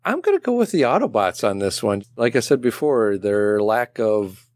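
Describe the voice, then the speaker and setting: A man co-hosting a casual podcast chat, relaxed and thinking aloud as he talks. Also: on the low side, moderate pace, no room sound. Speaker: podcast co-host.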